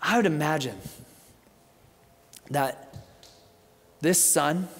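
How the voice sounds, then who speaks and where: A man's voice: fairly high pitch, very slow, gravelly, fairly bright tone. A man preaching a sermon as pastor, telling the story animatedly with casual conversational asides. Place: church sanctuary. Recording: long church reverb.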